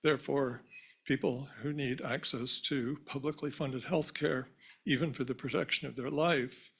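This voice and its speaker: A hoarse man giving an earnest academic panel talk, losing his voice and clearing his throat often, with measured phrasing and restarts. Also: mid-range voice, steady tone, a bit bright. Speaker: symposium panelist. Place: university lecture hall.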